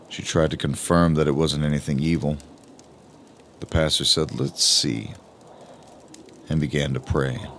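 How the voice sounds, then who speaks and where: A man giving a slow, measured first-person audiobook narration. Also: rumbling low, fairly bright tone, slight background noise.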